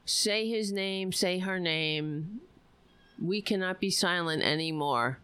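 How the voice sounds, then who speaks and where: A woman's voice: lowish voice, takes it slowly, bright, forceful tone, clean tone, dry recording. A woman hosting a livestream, ranting about politics on a close mic, profane and sarcastic. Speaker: livestream host. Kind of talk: casual political rant.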